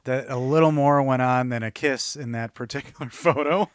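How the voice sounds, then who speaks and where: A man's voice: mid-range voice, normal speed, no echo, studio quality. Chatty man recapping a movie. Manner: chatty, rambling recaps with laughs. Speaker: podcast co-host. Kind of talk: casual movie review chat.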